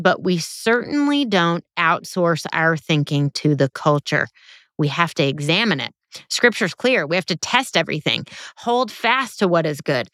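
A woman's voice: mid-range voice, a bit bright, dry recording, clean studio sound. A woman hosting a podcast as a biblical counselor, speaking in a direct, emphatic, teacherly monologue.

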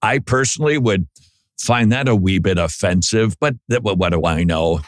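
In a political commentary monologue, a male show host addresses listeners directly, emphatic and sarcastic, tripping over his words when he reacts. His voice is fairly low and his pace moderate.

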